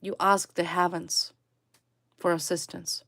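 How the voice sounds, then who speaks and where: A woman reads tarot cards for her viewers at an unhurried, deliberate pace, her voice sitting a little low. She hammers points home by repeating single words. The sound is dry and close, with no room around it. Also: level tone, a bit bright, dry recording. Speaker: tarot reader. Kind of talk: tarot reading addressed to viewers.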